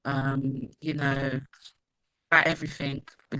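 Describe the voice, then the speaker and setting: A woman author speaking at her own book launch on a video call, emotional and halting, laughing now and then. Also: low voice, steady tone, sharp tone. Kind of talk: casual video call chat.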